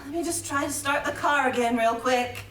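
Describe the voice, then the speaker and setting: A woman's voice: high-pitched, moderate pace, fairly bright tone, a little hiss or hum. An actress playing a dramatic, flustered young woman stranded on a road trip, in a staged play reading recorded from across a theatre. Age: young adult. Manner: exclaiming, flustered, stammering. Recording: roomy theatre, mic far off.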